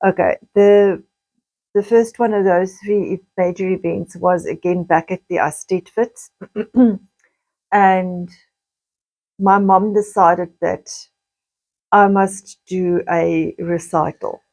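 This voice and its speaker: A middle-aged woman, slowly recounting painful childhood memories in a halting personal monologue. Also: on the low side, fairly even intonation, darkish tone, poor audio. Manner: slow, halting, with frequent restarts and pauses.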